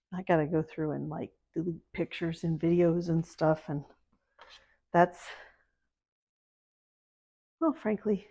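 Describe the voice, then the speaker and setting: A middle-aged homesteading vlogger from the American Deep South chats casually to camera about her homestead and her faith, laughing at herself. Her voice is creaky and dark.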